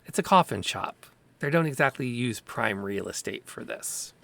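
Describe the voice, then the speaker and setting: Gravelly-voiced man running a tabletop game. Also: medium pitch, normal speed. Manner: relaxed, descriptive, with small vocal sound effects. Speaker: game master. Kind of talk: narrating a tabletop game over a video call.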